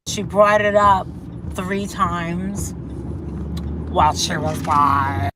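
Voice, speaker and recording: A woman on a live stream retelling a dispute in a drawn-out, profane way. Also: on the low side, background noise. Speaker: livestreamer telling her side. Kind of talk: slow storytelling on a live stream.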